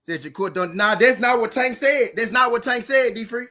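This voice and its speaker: This boxing commentary host has a very high voice, speaks at a moderate pace, and sounds bright and forceful. Addressing his viewers directly, he delivers a heated, casual reaction rant full of repetition and profanity.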